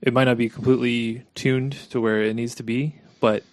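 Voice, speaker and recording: A man co-hosting a casual game podcast, talking hesitantly and trailing off quietly. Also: medium pitch, level tone, fairly quick, no room sound, clean studio sound. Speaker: podcast co-host. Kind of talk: casual gaming chat.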